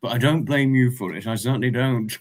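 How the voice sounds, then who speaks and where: A man hosting a casual livestream, reading chat messages aloud and reacting with frequent laughs. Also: medium pitch.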